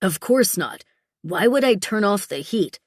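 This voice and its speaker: A woman voicing a gruff, taciturn big mountain-guide man in an audiobook, with curt, clipped grumbling replies. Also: medium pitch, lively intonation, measured pace, a little mellow, no echo, studio quality. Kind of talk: audiobook character voice.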